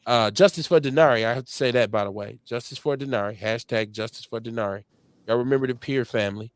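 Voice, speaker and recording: A man in his forties from Milwaukee with a Milwaukee accent, hosting a live show in casual, slangy chat full of shout-outs and stories. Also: mid-range voice, fast talker, no echo. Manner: animated storytelling, slangy, lots of shout-outs. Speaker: host.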